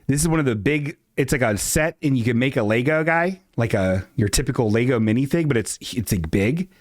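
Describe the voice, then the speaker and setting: A man's voice: mid-range voice, lively intonation, brisk, no room sound, studio quality. A man hosting a live-streamed show, chatting casually and reading chat aloud in a flustered, rambling way. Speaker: podcast host.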